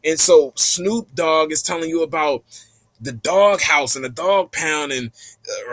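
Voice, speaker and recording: A man telling a rambling, animated, slang-heavy story in a casual spiritual monologue. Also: fairly high pitch, a little slow, no room sound.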